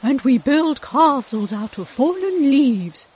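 A woman voicing Jacob, an excited playful friend in a children's storybook. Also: high voice, slow, voice pushed up, exaggerated voice. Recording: dull lo-fi dry recording.

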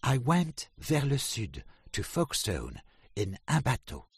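A man voicing Drake, an excited male duck explorer, in a storybook reading, telling his friends eagerly about his travels. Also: mid-range voice, unhurried, slightly rough, no room sound, pitched above the performer's own voice, heavily acted.

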